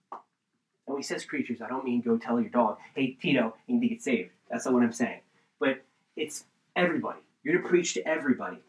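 A man preaching a sermon, teaching through a Bible passage in an animated way with asides. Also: medium pitch, reverberant, muffled recording. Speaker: pastor.

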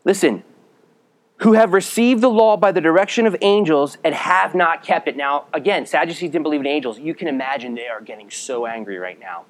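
Male pastor, slightly raised voice, earnest sermon delivery, direct address, drops quiet for weight. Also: brisk. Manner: reads scripture aloud, then explains it; drops to a low, quiet voice for emphasis.

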